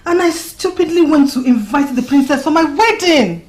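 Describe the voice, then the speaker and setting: A woman's voice: high-pitched, lively intonation, moderate pace, a little hiss or hum. An actress playing a hurt young bride who confronts her fiancé in a reproachful, pleading way.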